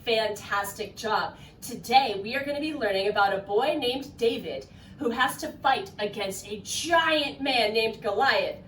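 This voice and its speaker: Animated woman teaching kids, echoey. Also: on the high side, a little slow, recorded from a distance, slight background noise. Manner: animated, coaxing, addresses children. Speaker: children's program teacher. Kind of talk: scripted kids' lesson.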